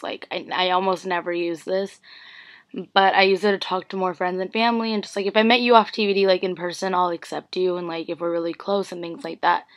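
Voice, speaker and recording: A young woman vlogging to her fans, tearful and rambling, often near crying and filling her speech with "like". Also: on the low side. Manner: tearful, rambling, full of "like" fillers. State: teary, on the verge of crying. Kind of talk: emotional casual vlog.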